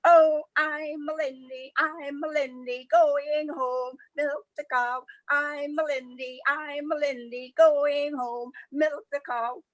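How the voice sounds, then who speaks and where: A woman voicing a nine-year-old girl who sings and dances everywhere, with a high sing-song voice. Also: monotone, fairly quick, few pauses, no echo, close to an everyday voice. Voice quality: high sing-song, wailing when upset. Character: little girl, nine, dancing singer.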